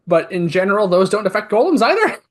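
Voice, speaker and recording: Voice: medium pitch, big pitch swings, fast. A player in a tabletop game who talks through plans in a chatty way and laughs at their own ideas. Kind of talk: casual tabletop game play.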